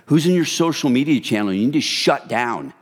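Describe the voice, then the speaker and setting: A man's voice: medium pitch, a little fast, breathy edge. Preaching man in a reverberant hall. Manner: animated preaching, acts out gossip in hushed voices. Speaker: pastor. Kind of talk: sermon.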